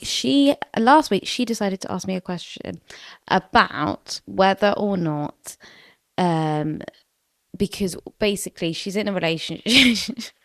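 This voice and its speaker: A woman's voice: on the low side, no echo, clean studio sound. A woman in her twenties hosting a podcast solo, telling a story in a chatty, sweary way full of "like" fillers. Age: 20s. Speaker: podcast host. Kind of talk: casual solo podcast chat.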